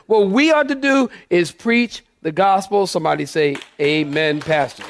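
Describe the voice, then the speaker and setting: A man with a high-pitched voice preaching from a church pulpit. He is animated and lively, pushing the congregation for responses as he goes. The delivery is a full sermon. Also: normal speed, few pauses. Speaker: pastor.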